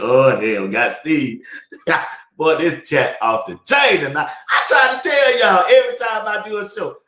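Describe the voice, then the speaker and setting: This sports talk livestream host laughs often and keeps things loose while going through viewer comments, recorded in an echoey room. His fairly high, fairly bright voice is animated but a little slow.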